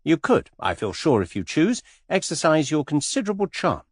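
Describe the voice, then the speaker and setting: Brief: man playing pompous indignant English gent, audiobook, husky and loud. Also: sing-song, normal speed, no room sound, studio quality. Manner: formal, indignant, booming. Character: pompous, stuffy middle-aged English gentleman.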